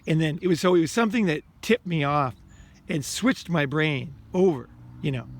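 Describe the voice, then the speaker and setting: A man's voice: on the high side, expressive, moderate pace, a little hiss or hum. A man talking to his viewers in a casual, rambling monologue, blunt and emphatic, swearing often and restarting his sentences. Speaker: vlogger.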